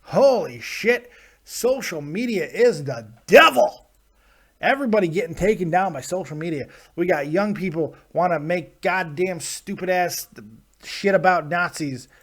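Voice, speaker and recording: A man's voice: high-pitched, expressive, measured pace. A man hosting a casual live-stream show, ranting with profanity and sarcasm while reading viewer chat. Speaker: host.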